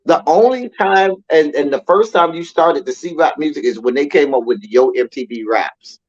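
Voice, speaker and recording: A man's voice: on the high side, moderate pace, highs cut off. A man co-hosting a casual podcast chat, looking back on music history in a reflective manner with frequent "you know" fillers. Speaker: co-host.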